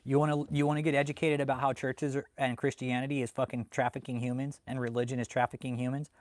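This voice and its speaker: A man hosting a profane live-stream rant, his voice sitting in a middling register. He talks heatedly and swears constantly, with sudden loud outbursts. The sound is close and dry, with no room around it. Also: mid-range voice, flat delivery, fast talker, dry recording. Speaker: livestream host reading chat. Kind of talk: profane ranting live commentary.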